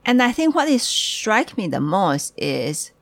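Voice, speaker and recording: A woman's voice: mid-range voice, big pitch swings, measured pace, dry recording. A woman hosting a casual podcast, talking in a hurry and restarting her sentences as she gets ahead of herself. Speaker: podcast host and tea shop owner.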